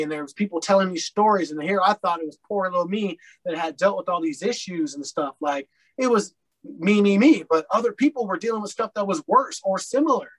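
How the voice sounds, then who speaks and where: A man's voice: high voice, fairly bright tone, poor audio. A man from Colorado, a podcast guest telling his story in a candid, rambling way, with lots of fillers and blunt swearing. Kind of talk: casual storytelling interview.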